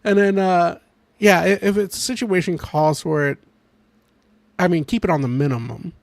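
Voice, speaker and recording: A man's voice: sits high, normal speed, no echo. A young man hosting a casual podcast chat, rambling with lots of fillers and restarts. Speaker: podcast host.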